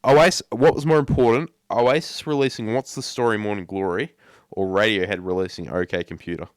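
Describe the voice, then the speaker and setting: A man hosting a casual podcast, rambling and repeating himself as he gives quick opinions. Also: fairly low pitch, fairly even intonation, smooth, dry recording, studio quality. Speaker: podcast host.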